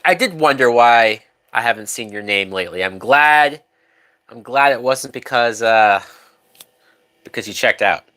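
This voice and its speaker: A man's voice: mid-range voice, expressive, a little slow, pushed and bright. A man casually commenting on a film during a live stream, loose and profane, now and then reading out viewer comments. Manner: loose, profane, chatty, reads out chat. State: drunk.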